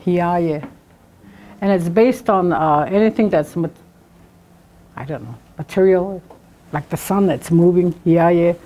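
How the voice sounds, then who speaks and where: A middle-aged woman teaching a language class, talking slowly and patiently and repeating words for her students. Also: on the low side, warm tone. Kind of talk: classroom lesson.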